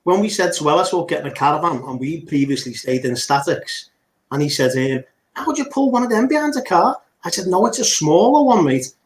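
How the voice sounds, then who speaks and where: A man, a guest vlogger, chatting on a live stream with dry humour and unhurried storytelling. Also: a little high, animated. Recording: echoey room, faint noise.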